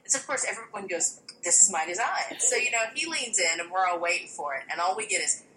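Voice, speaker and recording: A woman co-hosting a podcast, chatting casually and telling animated stories. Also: on the low side, fast talker, a little hiss or hum, rough recording. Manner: animated storytelling, quotes others. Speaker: podcast co-host. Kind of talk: casual chat.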